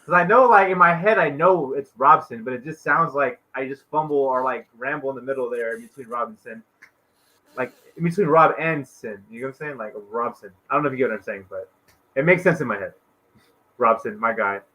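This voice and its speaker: A man with a bright, forward voice chats casually about the game on a stream. He talks loosely with lots of filler words and lets his sentences fade out quietly. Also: medium pitch, a little fast, poor audio. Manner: chatty, lots of "like", trails off quietly at sentence ends. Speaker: co-host. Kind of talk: casual sports chat on a live stream.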